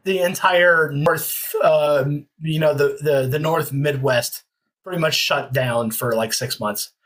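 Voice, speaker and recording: A podcast host chats in a loose, easygoing way, quick with jokes. The voice is husky and a little rough, at a middling pitch. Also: fairly bright tone. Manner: joking, easygoing. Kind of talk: casual podcast chat.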